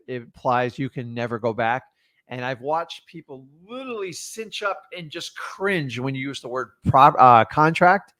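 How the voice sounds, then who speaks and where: Male sales coach, mid pitch, emphatic and direct, dry close recording. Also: fairly bright tone, no echo. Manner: punchy, emphatic, talks straight to the viewer with quick rhetorical questions; acts out short seller and caller exchanges in quick quoted voices. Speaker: real estate wholesaling coach. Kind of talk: direct-to-camera teaching talk.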